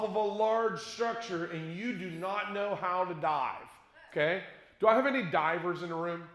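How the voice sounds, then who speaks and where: Male youth speaker with a high voice; lively, jokey storyteller to middle schoolers, recorded in a roomy church space. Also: normal speed. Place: church conference room with an audience. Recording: echoey room.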